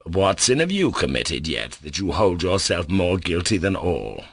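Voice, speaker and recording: A man's voice: sits low, sing-song, moderate pace, gravelly, husky, no room sound, studio quality, heavily acted. A man voicing a loving mother who weeps over her sick son. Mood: worried, tender.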